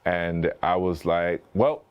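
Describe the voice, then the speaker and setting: A man in his thirties with a very low voice tells stories as a podcast guest. He rambles, restarts often and leans on fillers. He slips into acted-out quotes of what other people said. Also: moderate pace, highs cut off. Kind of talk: conversational interview storytelling.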